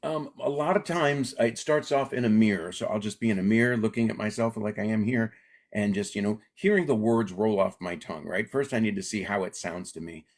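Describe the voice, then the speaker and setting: A man's voice: lowish voice, fairly quick. A middle-aged man who grew up in Alaska, a comedian chatting casually in an interview and acting out the voices in his stories. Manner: animated storyteller, acts out quoted voices. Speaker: comedian guest.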